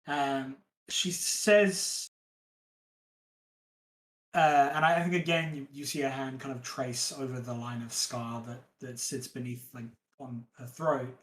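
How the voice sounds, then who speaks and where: A woman's voice: rumbling low, steady tone, unhurried, low-quality recording. A woman narrating as game master in a tabletop game, hesitant and full of fillers.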